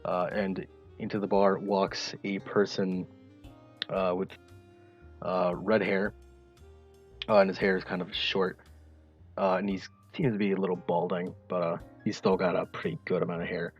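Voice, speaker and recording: A man's voice: sits low, level tone, moderate pace, pauses often, breathy edge, lo-fi sound, soft background music. A man narrating as game master in a tabletop game, hesitant, with many fillers.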